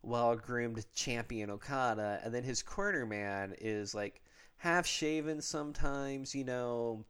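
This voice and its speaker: A man's voice: mid-range voice, takes it slowly, fairly bright tone, clean tone. A man co-hosting a podcast, in casual chat, explaining things at length in an analytical way. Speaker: podcast co-host.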